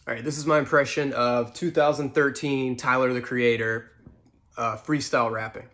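A man presenting comedy impressions with short, deadpan introductions. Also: mid-range voice, moderate pace.

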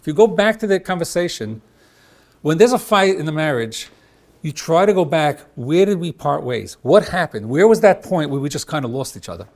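A middle-aged marriage therapist lectures at a workshop, acting out both husband and wife in his examples. He asks the audience rhetorical questions and pauses on them, his voice on the high side and sing-song.

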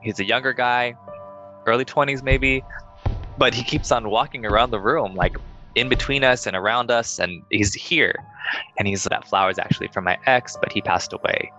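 A young man casually telling a ghost story to friends, animated and acting out the voices he quotes. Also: a little fast, faint music behind. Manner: animated, acts out quoted voices in higher pitch.

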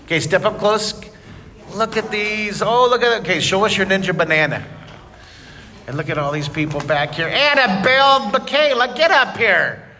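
Leaning in close to the camera, a male art teacher runs a live drawing lesson for kids at a museum, encouraging them with great enthusiasm. His voice is high and sharp at a normal pace, and the hall is echoey and noisy.

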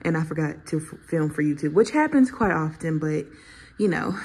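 A woman's voice: medium pitch, expressive, a little slow, a little mellow, slightly rough, rough recording. A woman in her twenties, a lifestyle vlogger, chatting casually and venting in slangy talk full of fillers. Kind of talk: casual vlog chat.

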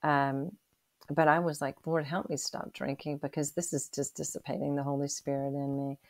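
Older lady in her 60s, low gravelly voice, earnest and emotional, lots of restarts. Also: flat delivery, normal speed. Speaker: interview guest. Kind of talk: personal testimony in an interview.

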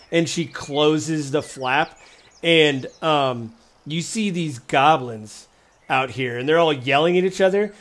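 A man in a fairly high voice narrates a tabletop game as game master. His delivery is casual and rambling, full of fillers and little laughs. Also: measured pace.

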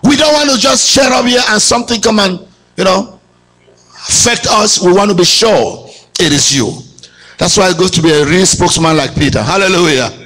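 A pastor preaching to his church with a very high, bright, ringing voice. He shouts out lines and then drops low, swinging widely as he preaches. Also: expressive, moderate pace, low-quality recording. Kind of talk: sermon. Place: church hall.

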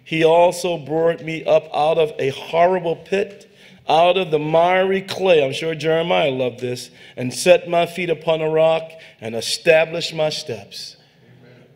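A man as a guest pastor preaching a sermon, fervent and emphatic with conversational asides. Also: a little high. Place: church sanctuary.

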